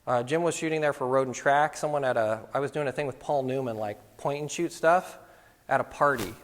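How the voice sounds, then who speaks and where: A man's voice: mid-range voice, a little fast. A middle-aged man giving a casual talk to photography students, telling anecdotes and acting out what people said. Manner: storytelling, acts out quoted voices. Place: lecture hall at a photography school. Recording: long reverb of a hall.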